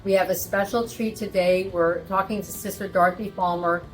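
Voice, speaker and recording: A woman's voice: on the low side, steady tone, fairly quick, soft background music, low-quality recording. A woman hosting a casual interview, welcoming her guest and reacting with encouragement. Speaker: host.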